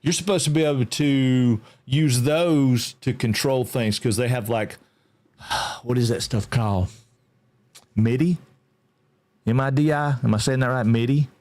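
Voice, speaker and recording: A man's voice: medium pitch, steady tone, a little slow, darkish tone. Easygoing man streaming. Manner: rambling and easygoing, greets chat by name. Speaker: game streamer. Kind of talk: casual livestream chat.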